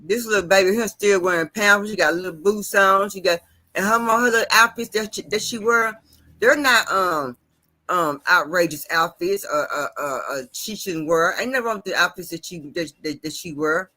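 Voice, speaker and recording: A man's voice: high-pitched, moderate pace, sharp tone. A man hosting a casual chat, emphatic and repeating himself for effect. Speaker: host.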